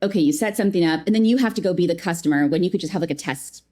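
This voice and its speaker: Lower-pitched chatty woman guest. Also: rapid-fire. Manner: chatty, animated, acts out quotes, lots of "like". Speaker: customer experience leader, podcast guest. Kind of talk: casual interview chat.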